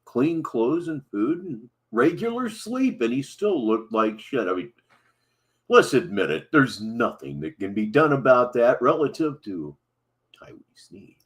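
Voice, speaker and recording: A man's voice: mid-range voice, sing-song, a little slow. A man hosting a livestream, giving sardonic commentary on a clip he plays. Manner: sardonic, mocking asides. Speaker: livestream host. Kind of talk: casual commentary over a played clip.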